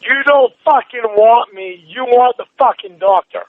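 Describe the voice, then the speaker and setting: Enraged, cursing man on a phone call, very high voice, muffled line. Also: measured pace, a little hiss or hum. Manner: furious, swearing nonstop, demanding. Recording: dull phone line recording.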